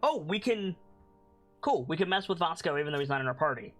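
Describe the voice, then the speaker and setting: Chatty live-stream gamer reading menus aloud, mid pitch. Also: lively intonation, fast, soft background music, rough recording. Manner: chatty, reads game text aloud. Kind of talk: casual game commentary.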